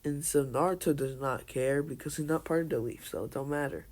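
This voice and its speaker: A man telling a casual, made-up fan story in a halting way, full of restarts and fillers. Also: a little high, a little mellow. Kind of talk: casual fan-fiction narration.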